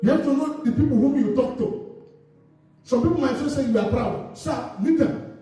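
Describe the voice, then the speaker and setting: A man's voice: very high voice, normal speed, warm tone, faint music behind. A male pastor preaching a sermon, asking the congregation to finish his sentences. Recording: echoey hall recorded from far off.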